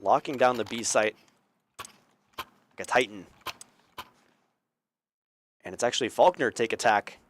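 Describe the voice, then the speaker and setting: A man's voice: mid-range voice, a little slow, pauses often, a little hiss or hum. Young man calling esports play-by-play. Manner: energetic, voice climbing on big plays. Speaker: esports caster. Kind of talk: solo play-by-play commentary. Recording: game gunfire loud under voice. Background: game sound effects and gunfire.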